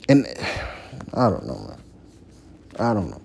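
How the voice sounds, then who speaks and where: A man on his own channel delivering an impassioned opinion vlog, repeating phrases and climbing high when heated. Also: huge pitch swings, slow, gravelly, a little mellow, slight background noise. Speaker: YouTuber.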